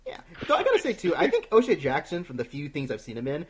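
A man's voice: fairly high pitch, huge pitch swings, quick pace, husky. A man hosting a casual film podcast, rambling loosely and laughing often. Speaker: podcast host. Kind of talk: casual chat.

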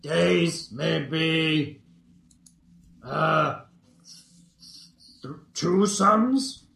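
A man's voice: on the high side, animated, extremely slow, gravelly, fairly bright tone, roomy sound, exaggerated voice. A man voicing a male goblin captive who talks in broken, clipped grammar in a tabletop game. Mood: informing.

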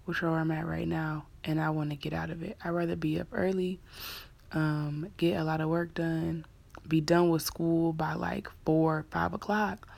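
A young woman in her twenties hosts a solo podcast in a relaxed, candid way. Her voice sits a little low and carries a steady gravelly fry. She leans on fillers and now and then sinks into a soft half-whisper. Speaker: podcast host; graduate student. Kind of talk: casual solo podcast chat.

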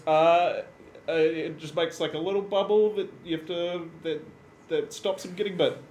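Male player, high voice, stumbling delivery, echoey venue. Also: fairly even intonation, moderate pace, a little mellow, slight background noise. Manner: stumbling, repeats words. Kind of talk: live tabletop game play.

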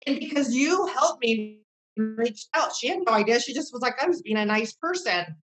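A woman's voice: on the high side, lively intonation, normal speed, rough recording. A woman in her thirties, a podcast guest, telling earnest personal stories in a rambling way, with many fillers and restarts. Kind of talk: heartfelt casual storytelling.

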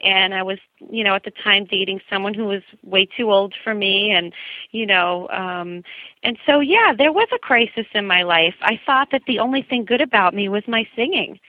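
A woman's voice: medium pitch, normal speed, no echo. A woman, a singer-songwriter guest, telling her personal story in an earnest, storytelling way over the phone. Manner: earnest storytelling, lively quoted voices. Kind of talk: personal testimony in a phone interview. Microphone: telephone. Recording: tinny phone line.

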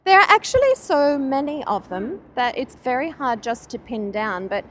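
A woman's voice: high voice, big pitch swings, normal speed, fairly bright tone, a little hiss or hum. A woman with an Australian accent, a bookseller chatting playfully and confidently in an outdoor interview. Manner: playful, chatty, self-assured. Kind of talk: casual interview chat. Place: outdoors at a windy festival area. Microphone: handheld digital recorder.

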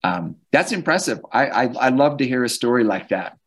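A man's voice: mid-range voice, very animated, brisk. A middle-aged man as a podcast guest, talking thoughtfully and restarting his phrases as he thinks. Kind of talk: conversational interview.

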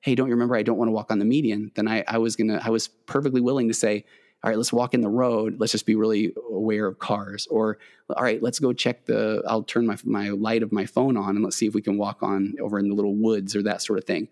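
A middle-aged man who works as a therapist speaks with a fairly low voice. He tells a personal story in an earnest, conversational way, acting out the dialogue between himself and his wife. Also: level tone, a little fast, a little mellow. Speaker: therapist and host.

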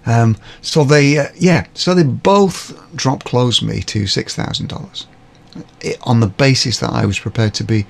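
Man, from Britain, podcast guest, gravelly and husky, lively pitch, stammering restarts. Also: moderate pace. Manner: animated, stammers and repeats words when starting. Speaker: guest, business coach. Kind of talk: podcast conversation.

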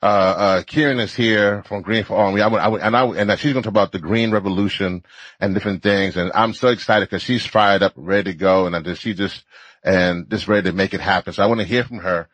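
Husky-voiced man chatting on a talk show. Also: fairly low pitch, fairly even intonation, quick pace, a bit bright, no echo, poor audio. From Louisiana, family from Trinidad. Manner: rambling, jokey, frequent restarts. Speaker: co-host. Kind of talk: casual talk show chat. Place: studio.

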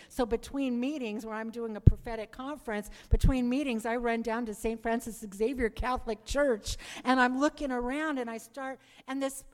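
A middle-aged woman giving her conversion testimony to a live audience, telling her story in a lively way and calling for "Amen.". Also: on the high side. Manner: lively storyteller who calls for "Amen" and "Praise the Lord". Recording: long reverb of a hall.

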